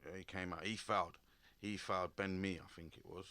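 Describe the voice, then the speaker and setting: Deep-voiced male radio co-host. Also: steady tone, brisk, pushed and bright, no room sound. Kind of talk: casual studio banter. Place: radio studio.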